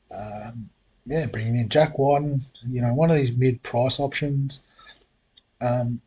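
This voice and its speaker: A man's voice: mid-range voice, darkish tone, breathy edge. A man hosting his fantasy sports channel, talking casually and thinking aloud with plenty of ums and uhs, with the hiccups. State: has the hiccups. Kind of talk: casual solo preview talk.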